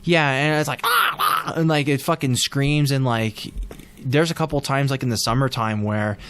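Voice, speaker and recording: A man co-hosting a podcast in casual chat, excitable and profane. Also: mid-range voice, normal speed, slight background noise. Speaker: podcast co-host.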